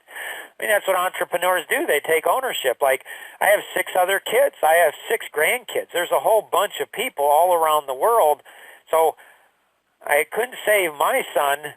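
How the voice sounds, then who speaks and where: A middle-aged man talking earnestly and haltingly, sharing a personal story of loss. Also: a little high, animated, fairly bright tone, no echo, recorded from a distance, low-quality recording. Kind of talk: emotional personal talk.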